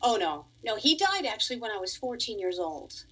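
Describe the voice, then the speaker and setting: Her mid-range voice is sing-song, husky, and fairly bright, and she talks fairly quickly on a rough recording. The woman, a musician and piano teacher in her forties from Long Island, New York, is an easygoing radio interview guest who laughs often as she tells her story.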